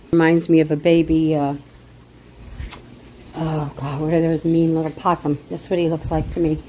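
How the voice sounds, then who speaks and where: Middle-aged woman rambling to her phone at home, low mellow voice, emotional and a bit indignant, faint hiss behind. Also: level tone, normal speed, pauses often, poor audio. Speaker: vlogger. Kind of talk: casual chat to camera.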